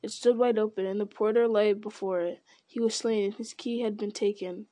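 A woman reading an audiobook in a measured narrating voice, with occasional slips. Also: mid-range voice, fairly even intonation, warm tone.

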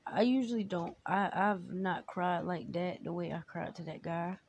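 Speaking at normal speed, a woman with a low-leaning, darkish voice and vocal fry hosts her podcast, sharing personal things candidly and emotionally in a loose, filler-heavy ramble. The recording sounds dull and lo-fi, with faint noise.

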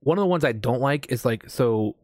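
A man's voice: mid-range voice, animated, fairly quick, a little mellow, no echo, clean studio sound. An American man in casual chat as a host, rambling with lots of fillers and casual swearing. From United States.

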